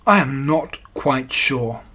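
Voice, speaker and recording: A reader voicing a slow-thinking, gentle bear in a storybook reading, thoughtful and a little mumbly. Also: mid-range voice, expressive, husky, exaggerated voice. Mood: mild.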